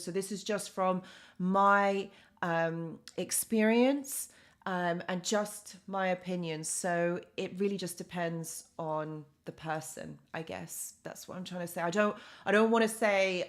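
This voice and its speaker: A woman's voice: fairly low pitch, fairly even intonation, unhurried. A young woman, a psychologist, chatting casually on a live stream and answering viewers, with plenty of fillers and restarts. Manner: chatty, many fillers and restarts, reads out comments.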